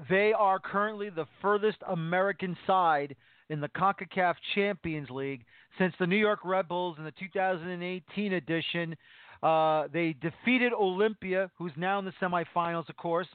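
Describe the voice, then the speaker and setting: A man hosting a soccer talk radio show, speaking with excited emphasis. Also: high-pitched, moderate pace, clean tone, no room sound. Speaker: podcast host. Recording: tinny phone-line sound.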